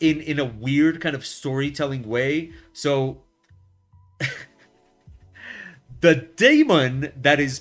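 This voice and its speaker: A man chatting casually on a live art stream, rambling with lots of fillers and restarts and telling things in a wry way. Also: a little high. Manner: wry, lively storytelling. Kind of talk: casual chat while drawing on stream.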